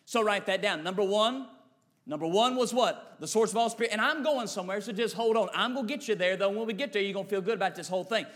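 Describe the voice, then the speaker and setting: A man's voice: high voice, fast talker. A man preaching a fervent, emphatic sermon as pastor, speaking straight to his congregation and hammering home repeated phrases. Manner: fervent, emphatic, rising to shouts.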